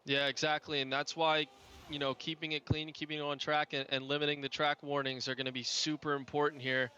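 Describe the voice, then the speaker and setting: Pitched on the high side, this male driver keeps a level tone, speaking fairly quickly in a pushed, bright way. Calling a racing game live, he trips over his words, restarting lines and leaning on fillers.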